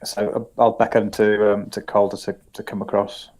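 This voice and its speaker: A woman's voice: extremely low pitch, little pitch movement, moderate pace, darkish tone. A woman playing in a tabletop game, speaking politely and a bit hesitantly. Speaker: player.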